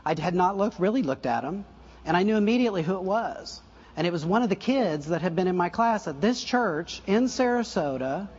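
An older man preaching a conversational sermon, full of asides and self-corrections and soft laughs at his own stories. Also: high-pitched, lively intonation, fairly quick, husky, highs cut off. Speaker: pastor.

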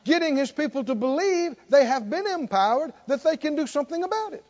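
A man preaching in a very high, lively voice, swinging between low murmurs and ringing near-shouts as he calls out to the congregation. The recording is dull and lo-fi. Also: fairly quick. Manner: call-and-response preaching, rising to near shouts. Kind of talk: sermon.

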